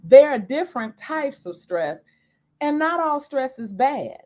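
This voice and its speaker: Woman teaching about self-care, kinda high voice, keeps stressing her main points. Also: sing-song, measured pace, a little mellow. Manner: teacherly, repeats key points for emphasis. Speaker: self-care educator and speaker. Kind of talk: lecture-style talk.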